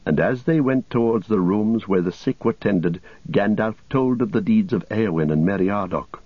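Reading a story at a steady, measured pace, the male audiobook narrator speaks in a husky, low voice from a script. There's no echo, though the lo-fi recording is dull.

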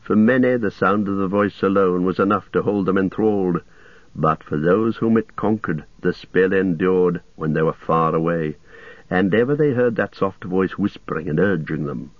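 A man reading a fantasy audiobook in a measured storytelling manner. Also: low voice, dry recording. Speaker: audiobook narrator. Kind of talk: scripted narration. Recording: dull lo-fi recording.

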